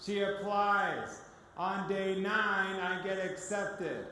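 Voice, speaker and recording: A man gives his personal testimony as a guest speaker, telling it as an animated story and acting out the dialogue. His voice sits high and bright. The recording rings with long reverb from a large hall, with a faint hiss behind it. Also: takes it slowly.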